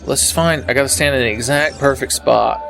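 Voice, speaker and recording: A man's voice: mid-range voice, fairly quick, vocal fry. A young man giving sarcastic, profane commentary while playing a video game. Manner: sarcastic, swears freely. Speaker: let's play commentator. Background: game music.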